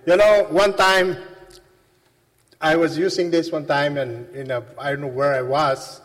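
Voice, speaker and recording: A man telling casual stories and jokes into a handheld microphone, rambling and halting, laughing at his own anecdotes. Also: fairly high pitch, fairly even intonation. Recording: long reverb of a large hall.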